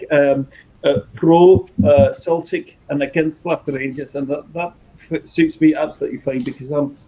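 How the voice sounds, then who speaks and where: Mellow, friendly Danish man. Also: on the high side, a little hiss or hum, poor audio. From Denmark. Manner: friendly, rambling, halting. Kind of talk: casual livestream chat.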